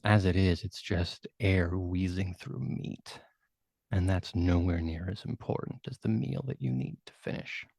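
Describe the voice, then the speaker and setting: A man narrating a tabletop role-playing game as game master, with vivid, measured storytelling and hushed dramatic turns. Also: low voice, gravelly, breathy edge, no echo.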